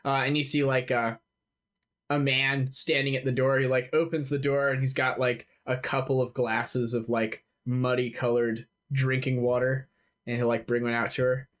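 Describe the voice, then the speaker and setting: A man's voice: mid-range voice, flat delivery, normal speed, fairly bright tone. A man narrating a tabletop role-playing game as game master, talking casually with many fillers.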